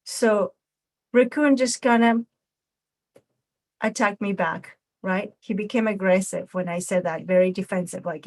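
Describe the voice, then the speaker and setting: A woman's voice: medium pitch, fairly even intonation, measured pace, darkish tone. A woman instructor explaining communication styles with a puppet demonstration, checking in with frequent tag questions.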